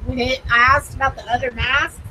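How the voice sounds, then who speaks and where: A woman hosting a live paranormal session who talks excitedly, laughs often and repeats herself. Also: sits high, fairly quick, a little hiss or hum, poor audio. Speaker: paranormal livestream host.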